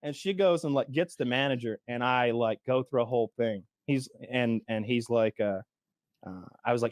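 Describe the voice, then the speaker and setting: A man's voice: medium pitch, normal speed, dry recording, clean studio sound. A man co-hosting a podcast, telling a story in casual chat and mimicking the people in it. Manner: animated, mimics people in his stories. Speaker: podcast co-host.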